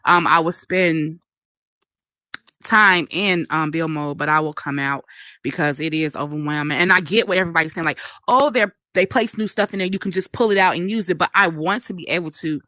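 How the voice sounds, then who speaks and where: Tearful, bright-voiced woman interviewer. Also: deep voice, brisk, no room sound. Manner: emotional, tearful storytelling. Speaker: virtual news interviewer. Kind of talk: casual interview chat.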